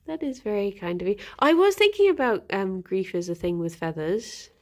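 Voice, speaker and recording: A woman chatting casually on a live stream, halting with fillers and breaking off to baby-talk to her pet. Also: mid-range voice, animated, a little mellow.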